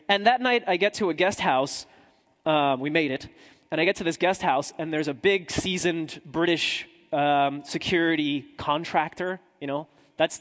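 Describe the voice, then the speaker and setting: A man's voice: fairly high pitch, long reverb tail. A man, a journalist, telling a humorous story to a live audience in a chatty, self-deprecating way with asides to the crowd.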